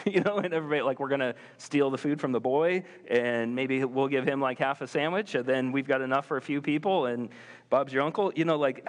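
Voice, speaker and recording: A man preaching a sermon as pastor, talking in a casual, animated way with lots of fillers. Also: a little high, long reverb tail. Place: church.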